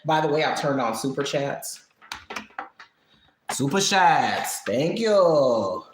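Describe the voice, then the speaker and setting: A chatty, expressive livestream host, talking casually at home while coloring and often sighing. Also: medium pitch, takes it slowly, a little hiss or hum. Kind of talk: casual live-stream chat while coloring. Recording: roomy echo.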